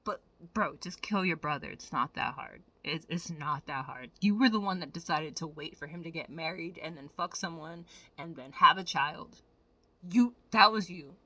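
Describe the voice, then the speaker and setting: A woman vlogger giving animated, profane, casual commentary straight to her viewers. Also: low voice, normal speed.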